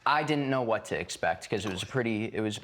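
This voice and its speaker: A man testifying as the plaintiff in a courtroom, recounting events haltingly with frequent fillers. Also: lowish voice, lively intonation, fairly bright tone. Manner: halting storytelling with many fillers. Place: courtroom set.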